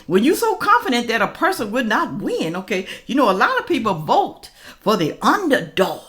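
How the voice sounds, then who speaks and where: A woman's voice: a little high, wildly swooping pitch, normal speed, a bit bright. A woman hosting a reaction video, chatting casually to her viewers, repeating her points and calling them y'all. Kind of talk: casual commentary reacting to news.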